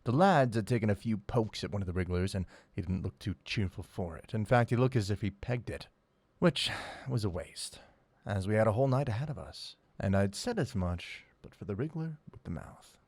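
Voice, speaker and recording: A man narrates a first-person audiobook in a wry, sardonic tone. His voice is low and gravelly, and it sounds close and dry with no room around it. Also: expressive, moderate pace, darkish tone, no room sound.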